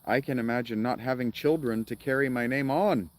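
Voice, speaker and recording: A man's voice: medium pitch, fairly quick. A man streaming a game, rambling casually with jokes and sarcastic asides. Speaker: gaming streamer. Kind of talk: casual gameplay commentary.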